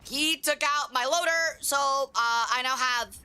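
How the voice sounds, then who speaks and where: A young woman streaming a tank game, chatting with viewers and swearing excitedly as she plays. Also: sits high, a little slow. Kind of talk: casual live gameplay commentary.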